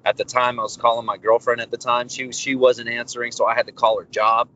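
A young adult man, a baseball pitcher being interviewed, telling his story casually and acting out the dialogue as he goes. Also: fast talker. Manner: animated, candid storyteller acting out quoted dialogue. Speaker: professional baseball pitcher, guest. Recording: dull lo-fi audio with faint background noise.

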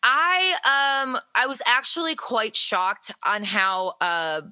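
A woman's voice: on the high side, slow pace, sharp tone. A woman from the United States, a musician being interviewed remotely, talking casually with lots of fillers and frequent laughter. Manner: chatty, laughs often, many fillers. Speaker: musician guest.

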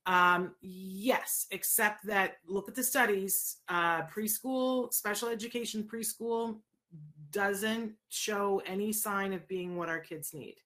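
A woman hosting a casual live chat, answering viewers in an animated, conversational way and often checking in with "right?". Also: mid-range voice, slow pace. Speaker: host answering viewer questions.

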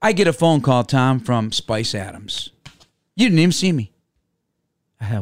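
A man's voice: mid-range voice, very animated, moderate pace, pauses often, no room sound. A man hosting a casual sports podcast, bantering with dry denials. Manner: dry, denying and teasing back. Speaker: podcast host.

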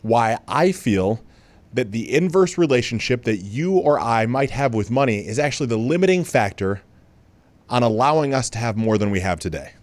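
A man hosting a podcast, telling a personal story in a relaxed, conversational way with many asides and restarts. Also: mid-range voice, moderate pace, dry recording. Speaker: podcast host. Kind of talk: storytelling monologue.

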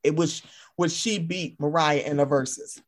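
A woman co-hosting a casual chat, animated and swearing freely as she acts out her own reactions. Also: low voice, a little slow. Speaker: podcast co-host.

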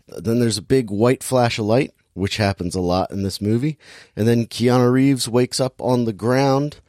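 A man casually recapping a movie plot with sarcasm, briefly acting out the characters' lines in quick impressions. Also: mid-range voice, a little mellow, dry recording, studio quality. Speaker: podcast host recapping a movie. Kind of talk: casual chat.

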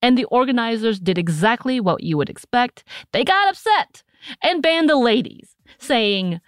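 An American woman co-hosting a podcast in a casual chat, animated and laughing often, recorded close to a studio mic. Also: a little high, moderate pace, smooth, no room sound. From United States. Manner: chatty and animated, often laughing, breaks into put-on voices. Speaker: podcast co-host.

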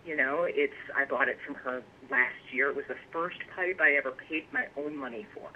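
A woman guest telling stories in a casual interview, animated and laughing often. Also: extremely low pitch, a little fast, slight background noise. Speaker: guest, pipe maker. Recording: tinny phone line.

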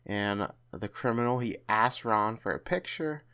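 A man's voice: lowish voice, unhurried, fairly bright tone, clean tone. A man hosting a podcast, chatting casually and often restarting his sentences. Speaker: podcast host.

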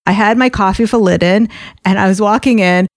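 A woman's voice: medium pitch, a little fast, dry recording. Chatty woman host, tells her own stories, mid-range voice, dry room. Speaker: podcast host. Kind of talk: casual interview chat.

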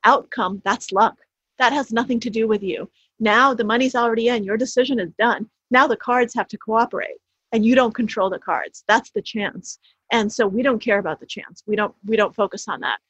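A woman's voice: on the high side, normal speed, fairly bright tone, husky, no room sound. A woman, an author being interviewed, explaining her points emphatically, often restarting her phrases as she goes. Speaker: author guest. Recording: dull, slightly lo-fi sound.

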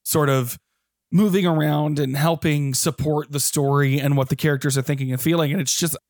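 A man's voice: on the high side, steady tone, fairly quick, darkish tone, no room sound, studio quality. A man co-hosting a podcast, talking enthusiastically about a stage musical and swearing casually. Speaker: podcast co-host. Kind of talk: casual theater discussion.

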